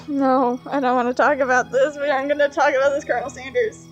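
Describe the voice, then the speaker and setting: A woman reading a dating game's text aloud as she plays, excitable and quick to laugh, with mock outrage. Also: high-pitched, highs cut off, soft background music. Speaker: gaming streamer. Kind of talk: let's play commentary, reading game text aloud.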